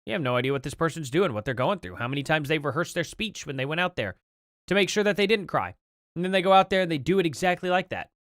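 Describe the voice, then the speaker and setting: A man's voice: fairly high pitch, animated, fast talker, fairly bright tone, dry recording, studio quality. A man hosting a livestream, talking through his opinions in a rambling, conversational way with lots of fillers. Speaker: livestream host. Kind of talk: casual commentary.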